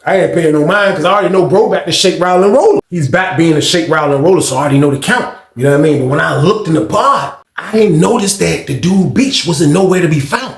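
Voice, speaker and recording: A man telling a story in a casual, animated, slangy way, acting out the scenes. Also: on the high side, fast, few pauses, reverberant.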